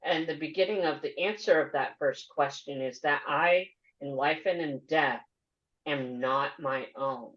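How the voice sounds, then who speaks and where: A woman hosting a podcast interview, earnest and measured as she asks questions and comments. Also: low voice. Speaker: podcast host. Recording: dull lo-fi audio.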